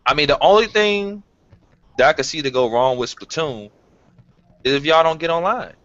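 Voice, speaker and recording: A man chats on a casual podcast in a bright, forceful voice, loose and a little halting. The recording is dry, close and lo-fi. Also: on the high side, expressive, dry recording. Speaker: podcast guest. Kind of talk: casual chat.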